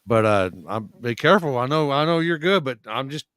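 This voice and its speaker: A man's voice: medium pitch, expressive, fairly quick, fairly bright tone. A man co-hosting a podcast in casual chat, with folksy, drawling talk. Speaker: podcast co-host.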